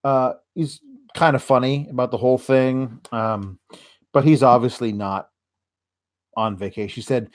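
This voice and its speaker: A man's voice: mid-range voice, steady tone, unhurried. A man hosting a podcast, giving a sarcastic, rambling casual recap. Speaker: podcast host.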